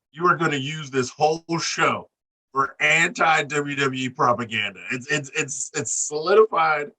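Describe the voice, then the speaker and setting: A man co-hosting a casual wrestling podcast, animated and loud, swearing freely and laughing as he recaps. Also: a little high, recorded from a distance. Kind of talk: profane casual chat.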